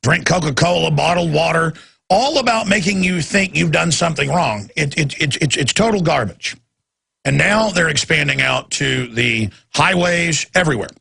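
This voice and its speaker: A male talk radio host with a heavily gravelly, raspy voice that sits a touch high for a man. He rants through a monologue with a forceful, bright edge. He slips into the voices of the people he quotes. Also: lively intonation, normal speed. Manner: ranting, acts out quoted voices.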